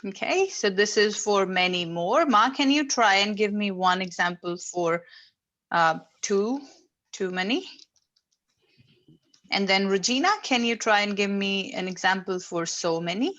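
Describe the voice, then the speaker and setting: A woman's voice: mid-range voice, unhurried, fairly bright tone, muffled recording. A woman teaching an English class over a video call, explaining patiently step by step with frequent fillers. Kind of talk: online class instruction.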